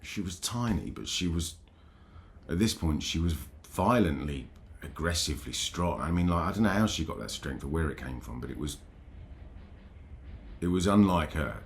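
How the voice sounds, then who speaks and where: A man hosting his own channel, telling a painful personal story in a halting, emotional way, full of restarts. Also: a bass voice, lively intonation, creaky. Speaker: channel host.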